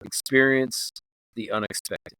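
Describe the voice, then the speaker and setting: A man's voice: mid-range voice, fairly even intonation, unhurried, sharp tone, clean tone, no room sound, rough recording. A man co-hosting a podcast, wrapping up the show with earnest, motivational talk and swearing for emphasis. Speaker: podcast co-host. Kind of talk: casual chat, show wrap-up.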